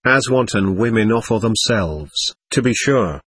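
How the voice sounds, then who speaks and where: A man reading an irritable, contemptuous young man in a storybook, with a husky, lively voice. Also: lowish voice, a little slow, no room sound, exaggerated voice. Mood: bitter.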